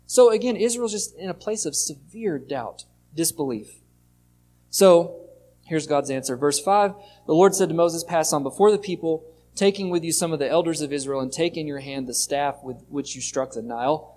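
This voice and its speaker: A male pastor preaching in a relaxed, conversational way, his voice sitting a little high for a man. He reads scripture aloud, swings between loud and soft, and a faint hum runs underneath. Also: normal speed. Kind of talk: sermon.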